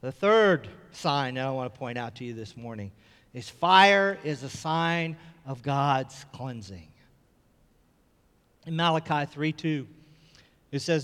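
A man's voice: mid-range voice, slow pace, pauses often, fairly bright tone, clean tone, long reverb tail. A man preaching a sermon as pastor, telling a story and building to fervent repeated cries.

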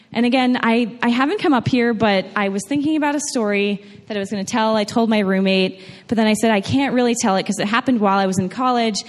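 A young woman from New York tells a personal story to a room full of people, chatty and quick to laugh. Her voice sits fairly high. A long reverb from the hall trails her words. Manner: chatty, laughing often, with frequent restarts and fillers. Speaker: storyteller at a live storytelling event. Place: large room with an audience.

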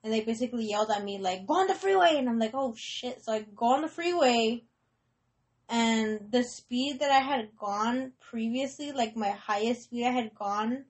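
A woman's voice: on the high side, moderate pace. A young woman casually telling a personal story, rambling with lots of swearing and filler, dropping Spanish words into her English. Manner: rambling, heavy swearing, many likes and restarts. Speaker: podcast host.

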